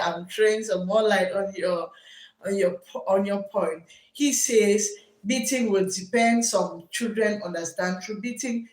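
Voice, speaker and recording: A woman teacher hosting a live stream, reading viewer comments aloud in a loud teacher's voice and repeating her phrases. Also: medium pitch, roomy sound, low-quality recording.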